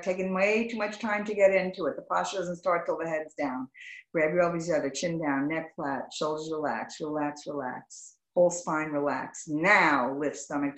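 A woman yoga teacher runs a live class over a video call, firing off short, clipped commands at a medium pitch. The sound is echoey, as if she is in a reflective room. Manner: brisk rapid-fire commands in short clipped phrases; affectionate, greets students warmly by name. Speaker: yoga instructor. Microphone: video call microphone.

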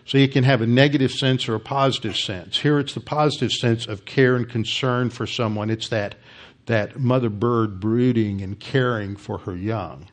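Emphatic pastor teaching scripture. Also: male voice, medium pitch, fairly even intonation, moderate pace. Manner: emphatic lecturing with frequent restarts. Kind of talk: expository Bible teaching sermon.

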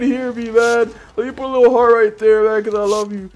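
A man chatting playfully with teammates during an online shooter, teasing and swinging between loud excitement and low mumbling. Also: fairly quick, hardly any pauses, soft background music. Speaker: gamer streaming with random teammates. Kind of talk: casual game commentary to teammates.

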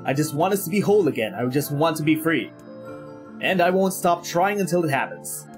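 A man's voice: a little high, animated, brisk, soft background music, lightly acted. A man voicing a weary village mayor in a dream, speaking earnestly and pleadingly. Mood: wistful.

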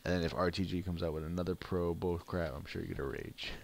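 A man's voice: low voice, fairly even intonation, quick pace, vocal fry. A man hosting his own gaming channel, giving casual commentary on a mobile card game and grumbling about bad luck.

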